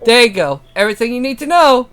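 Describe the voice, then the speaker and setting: A woman's voice: a little high, clear, resonant tone, voice pushed up, natural voice. A woman reading as a bubbly chatty schoolgirl. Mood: teasing. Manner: talks fast, gushing, lively. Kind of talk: reading game dialogue aloud.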